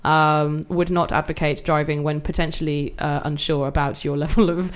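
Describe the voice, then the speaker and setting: A woman's voice: deep voice, little pitch movement, normal speed. A woman co-hosting a podcast, telling a rambling comic story and laughing as she goes. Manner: chatty, rambling, laughs while telling stories. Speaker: podcast co-host.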